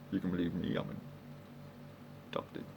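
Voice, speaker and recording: Australian male vlogger, low gravelly voice, unhurried sarcastic ramble. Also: big pitch swings, over music. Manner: sarcastic, rambling, swears, laughs to himself. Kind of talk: rambling casual monologue.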